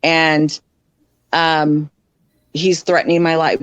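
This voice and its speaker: A woman guesting on a podcast tells a hard personal story frankly and bluntly, her deep voice fairly even in intonation. She uses many fillers and shifts her voice quickly when quoting others.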